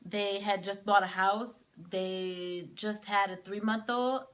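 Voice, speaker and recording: A young woman tells a personal story to the camera in a casual way, reliving it emotionally and leaning heavily on "like." Her voice is medium in pitch and a bit bright, with a steady tone and a slow pace.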